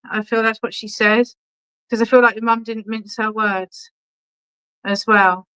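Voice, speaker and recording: A spiritualist medium with a mid-range, fairly bright voice gives chatty, reassuring clairvoyant readings at an online church service, and the audio is poor. She's affectionate, calling people "darling," and keeps checking in with "okay?"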